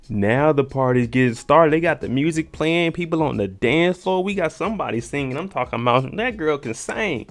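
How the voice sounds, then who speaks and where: A man's voice: on the high side, animated, normal speed, hardly any pauses, faint music behind. A man giving a casual, joking recap of a TV episode, talking slangy and aside to the viewer. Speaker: TV recap host.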